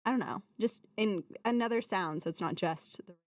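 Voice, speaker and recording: A woman's voice: mid-range voice, normal speed, no echo, studio quality, distant mic. A woman, a songwriter guest, rambling in casual chat with many fillers. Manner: rambling, lots of "like".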